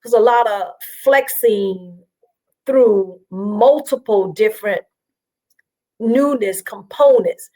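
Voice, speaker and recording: A woman from South Carolina, a guest on an interview show, telling her story in an animated, chatty way with frequent fillers. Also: medium pitch, slow, poor audio.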